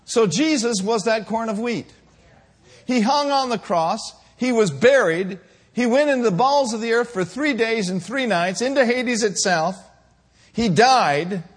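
A male preacher delivering a fervent, emphatic sermon that builds to shouted climaxes. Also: very high-pitched, lively intonation, a little slow, slightly rough.

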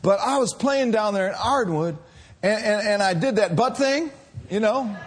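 A middle-aged male pastor preaching a sermon in a church, animated and laughing as he calls out to the congregation. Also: high voice, normal speed, husky.

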